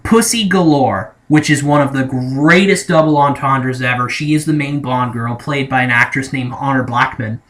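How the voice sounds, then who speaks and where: A man's voice: mid-range voice, normal speed, few pauses, a bit bright. A young man talking casually as a movie reviewer, rambling and hesitant, often correcting himself mid-sentence. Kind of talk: casual spoken movie ranking.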